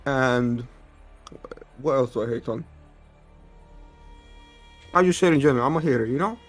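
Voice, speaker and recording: A man casting a gaming tournament stream, bantering with playful, deadpan mock rants. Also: mid-range voice, moderate pace, soft background music. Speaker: caster.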